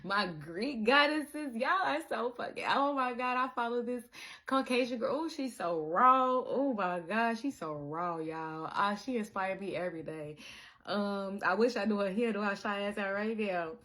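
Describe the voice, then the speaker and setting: A woman talking casually to her followers in an animated, profane monologue, laughing often. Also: medium pitch, normal speed. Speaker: social media creator. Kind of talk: casual direct-to-camera monologue. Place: in Chicago.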